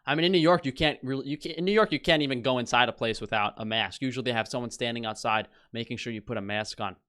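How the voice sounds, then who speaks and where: A man's voice: medium pitch, fast, pushed and bright. A young man streaming, ranting with scorn and heavy swearing as he reads headlines aloud. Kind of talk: casual ranting commentary.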